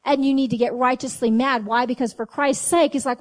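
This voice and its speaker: A woman's voice: high-pitched, fairly quick, few pauses. A middle-aged woman preaching a sermon, talking straight to her listeners and acting out little exchanges with God. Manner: animated, talks to the audience, acts out dialogue with God.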